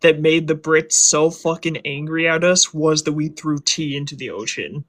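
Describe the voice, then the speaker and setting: A man's voice: on the high side, moderate pace, fairly bright tone. A man hosting a live stream, joking crudely and laughing with friends on a call. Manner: brash, crude, laughing banter. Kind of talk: casual group chat on a live stream.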